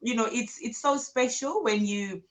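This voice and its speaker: A woman's voice: on the high side, moderate pace. Talkative woman co-hosting a chat. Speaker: co-host. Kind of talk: casual chat.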